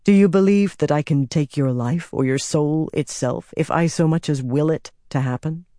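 A woman voicing a quiet, eerie young lord. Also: sits low, normal speed, no room sound, studio quality. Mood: menacing. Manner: soft, eerie, offhand. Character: young man, quiet, cold and commanding ruler.

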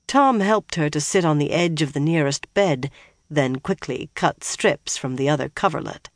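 An audiobook narrator reading a fantasy novel in an even, steady way. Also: mid-range voice, normal speed, no echo, clean studio sound.

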